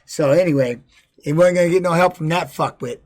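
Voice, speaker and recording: A man's voice: a little high, fairly quick, darkish tone. A middle-aged man telling his life story casually on a livestream, blunt and profane, often restarting and adding "you know what I mean". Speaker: former fighter streaming to viewers.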